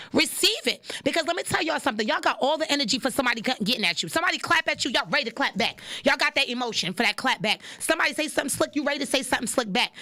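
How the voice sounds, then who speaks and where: A young woman hosting a podcast, preaching in a casual, animated monologue and repeating lines for emphasis. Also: high-pitched. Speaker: podcast host.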